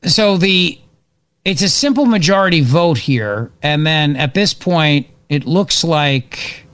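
A man hosting live political talk radio, excitable and opinionated, rambling as he reacts to events. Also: on the high side, slow pace, clear, resonant tone, no echo. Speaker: radio talk show host.

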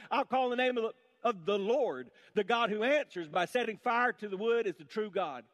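Animated high-voiced male pastor preaching. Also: fairly quick. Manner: animated storytelling, swings between loud and hushed. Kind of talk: sermon.

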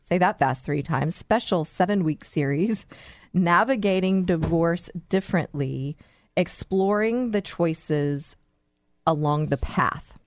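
A woman's voice: lowish voice, darkish tone, no echo, clean studio sound. A woman hosting a radio talk show, speaking in an earnest, encouraging way and telling stories to her listeners.

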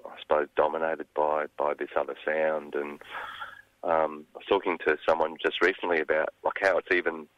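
A man's voice: very deep voice, level tone, no room sound, lo-fi sound. An Australian man from the country, a songwriter speaking thoughtfully in a radio interview, with frequent restarts. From Gippsland, Australia. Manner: thoughtful, halting with many restarts. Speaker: songwriter guest.

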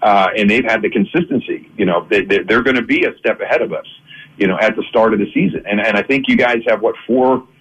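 A man calling in as a guest on a sports radio show, talking fast with lots of restarts and fillers. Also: lowish voice, fairly bright tone, husky, lo-fi sound. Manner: fast, rambling, many restarts. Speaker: former football player calling in as guest. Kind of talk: phone-in sports talk.

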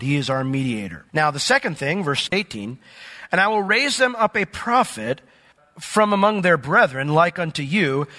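A man with a fairly high, bright, forceful voice preaches a sermon from the pulpit. He talks in a conversational way and puts questions to the congregation. A long church reverb trails each phrase. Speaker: pastor. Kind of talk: sermon with Bible reading.

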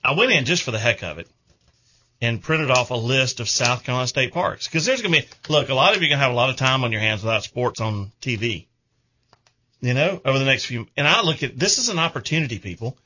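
A man's voice: medium pitch, lively intonation, quick pace, sharp tone, lo-fi sound. A middle-aged man, hosting a radio show in casual, rambling chat.

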